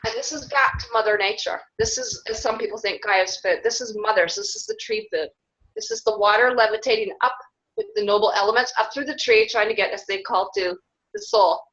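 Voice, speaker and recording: A woman's voice: fairly high pitch, fairly quick, fairly bright tone. A woman being interviewed, talking in a rambling, earnest way and laughing often between thoughts. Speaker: interviewee, self-described clan mother. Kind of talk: casual interview talk. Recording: dull lo-fi sound.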